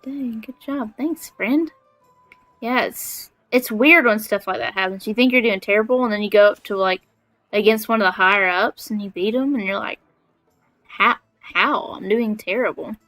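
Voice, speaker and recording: A woman's voice: medium pitch, brisk, a bit bright, no echo, soft background music, low-quality recording. A woman from Alabama with a Southern accent, chatting casually and teasing herself while she streams a game from her floor at home. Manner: chatty, self-deprecating. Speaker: livestreamer. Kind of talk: casual chat while gaming.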